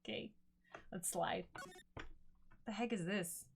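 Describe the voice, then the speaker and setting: A woman's voice: mid-range voice, slow pace, creaky, background noise. A young woman streamer chatting playfully and thinking aloud as she plays a story game. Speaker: gaming streamer. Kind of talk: casual let's play commentary.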